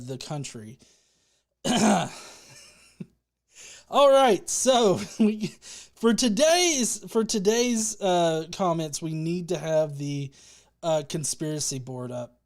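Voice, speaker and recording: A man's voice: high voice, lively intonation, takes it slowly. A man hosting a casual livestream, joking, swearing, and thanking viewers as he rambles along with restarts. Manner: reads out viewer comments and thanks. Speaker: livestream host.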